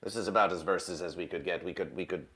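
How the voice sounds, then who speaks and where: A man's voice: deep voice, fast talker, fairly bright tone, breathy edge. A man hosting a comedy livestream, talking playfully into a new handheld mic and repeating his phrases as a royal "we". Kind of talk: absurdist livestream monologue. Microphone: new handheld microphone.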